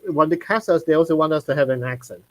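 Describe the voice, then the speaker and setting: A man hosting a livestream interview, speaking haltingly and searching for his words, heard over a video call. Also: fairly high pitch, low-quality recording. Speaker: host.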